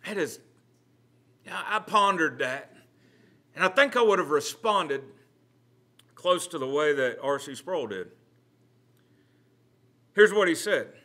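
A man leads a church Bible study as pastor. His voice sits high and sounds bright. He teaches earnestly, sinking to a near hush and then rising to press a point. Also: lively intonation, slow pace, long pauses. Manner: earnest preaching, swings from loud to hushed.

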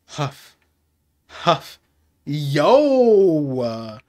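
Excitable man reacting live on stream. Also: on the high side, slow pace. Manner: excitable, laughing, swings to subdued reflection. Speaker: streamer reacting to a manga chapter.

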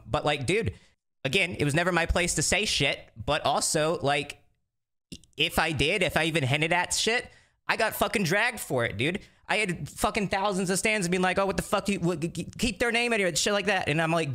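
A man's voice: fairly high pitch, animated, normal speed, pushed and bright. A young man streamer venting on his livestream, frustrated and profane, restarting his sentences again and again. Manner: frustrated, repetitive, profane ranting with many restarts. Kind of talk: livestream commentary.

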